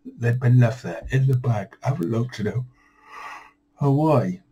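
Tired, grumbling man, dark husky voice. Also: medium pitch, normal speed, dull audio. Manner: weary, self-deprecating, grumbling. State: tired, yawning. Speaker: vlogger. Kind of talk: rambling solo vlog.

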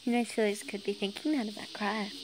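A woman's voice: medium pitch, steady tone, a little fast, slight background noise, low-quality recording. Giggly woman reading fan fiction aloud. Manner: chatty, giggly, breaks off for side comments. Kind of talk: casual reading aloud with asides.

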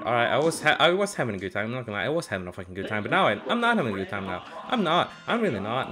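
A young man giving casual gaming commentary, swearing and frustrated, with loud outbursts. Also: mid-range voice, sing-song, fast talker. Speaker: gameplay streamer.

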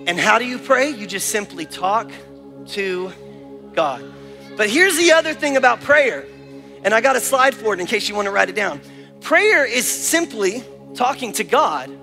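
A man with a very high, bright voice preaches to a room of kids, animated and energetic, slipping into little acted-out prayers. His voice rings through a large hall with long reverb, and faint music plays behind him. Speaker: kids camp speaker. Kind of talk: lively preaching to children.

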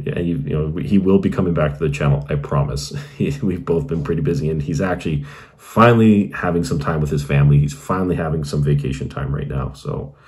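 A man's voice: rumbling low, warm tone. A man hosting his own channel, earnestly telling a meandering personal conversion story, heavy on "you know". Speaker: channel host.

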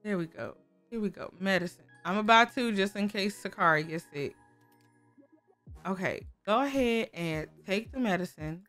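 A woman gaming YouTuber chats casually about her game, exclaiming and talking both to viewers and to the characters. Her mid-range voice is a bit bright, she speaks at a moderate pace, and faint music plays behind her.

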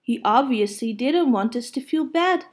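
A woman's voice: sits high, expressive, a little slow. A woman reading the lines of a gloomy old donkey in a children's story, dry and mournful. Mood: glum. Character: gloomy old male donkey, slow and glum.

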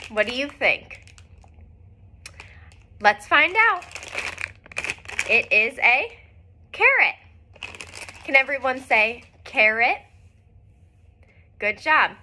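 A woman teacher leading a recorded phonics lesson for young children, speaking clearly and encouragingly with frequent praise. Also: on the high side, background noise.

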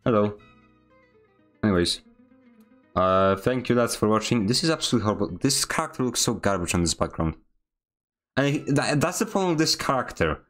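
A man's voice: on the low side, lively intonation, a little fast, long pauses, a bit bright, faint music behind. Playful man streaming games. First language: Polish. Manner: playful, mock-dramatic teasing. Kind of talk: casual gameplay streaming.

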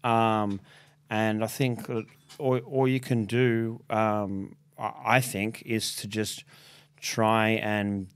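A calm male podcast host who mostly offers short backchannels and gentle reassurance. His voice sits low, and the sound is dry, with no room echo. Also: slow, clean tone. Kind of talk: casual interview.

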